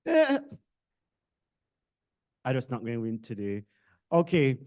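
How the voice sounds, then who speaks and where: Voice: medium pitch, wildly swooping pitch, slow, a little mellow. A speaker with a Jamaican accent gives a casual orientation address to new university students, joking and teasing the audience. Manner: joking, self-deprecating, chatty with the audience.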